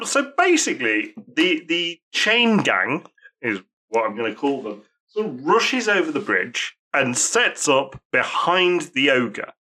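A man narrating a tabletop game as game master, telling the action with laughs and the odd swear word. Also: mid-range voice. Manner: lively, laughing, profane storytelling.

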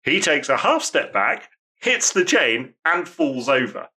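A man's voice: medium pitch, unhurried, breathy edge. A man narrating a tabletop game as game master, telling the action with laughs and the odd swear word. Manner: lively, laughing, profane storytelling.

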